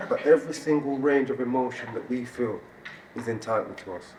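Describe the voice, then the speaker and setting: Man, stage speaker, animated storyteller, roomy hall, distant mic, audience noise. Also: mid-range voice, fairly quick. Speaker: event speaker. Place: event hall.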